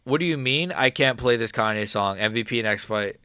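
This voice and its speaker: A man's voice: mid-range voice, a little fast, bright, forceful tone, smooth, dry recording. A young man giving casual, profane live-stream reaction commentary, rambling and frustrated with lots of fillers. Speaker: livestreamer watching a fight.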